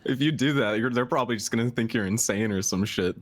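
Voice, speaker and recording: A man's voice: mid-range voice, quick pace, soft background music. A man playing in a tabletop game who chats casually and teases his friends. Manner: teasing, laughing. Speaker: player.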